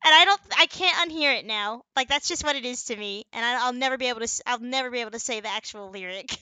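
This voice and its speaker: A young woman co-hosting a podcast in casual chat, chatty and quick to laugh. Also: a little high, bright, forceful tone, smooth, no room sound. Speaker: podcast co-host.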